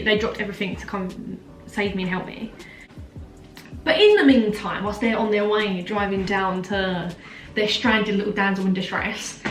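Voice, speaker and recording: A young woman tells a story as a vlogger, dramatic and full of "like" fillers. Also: medium pitch. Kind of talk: storytime chat. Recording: echoey room, mic at a distance, faint music.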